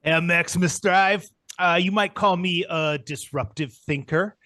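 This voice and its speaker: A smug, boastful wannabe guru who thinks he has it all figured out, as a man acts him out in improv comedy. His voice sits a little high. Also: measured pace, pushed and bright, no room sound. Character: smug self-styled thought leader, young adult man.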